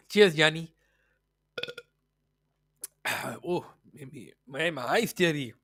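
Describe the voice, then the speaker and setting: A man's voice: a little high, lively intonation, very slow, bright, forceful tone, dry recording, clean studio sound. A man hosting a football podcast, delivering a profane, mocking rant. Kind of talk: ranting football commentary.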